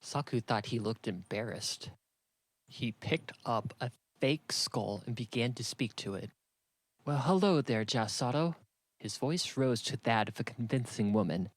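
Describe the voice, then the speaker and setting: A man narrating an audiobook in an even, matter-of-fact reading. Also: on the low side, unhurried, no room sound. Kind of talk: scripted narration.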